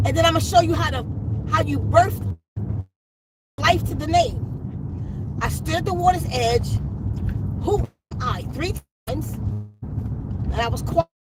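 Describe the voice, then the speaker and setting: A high-pitched woman talks to her viewers from inside a moving car. She gives spiritual instructions in a casual, emphatic way and repeats each step. Loud road and wind noise comes through an open window. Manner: addresses audience as y'all. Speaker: spiritual channel host. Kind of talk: casual spiritual teaching while driving.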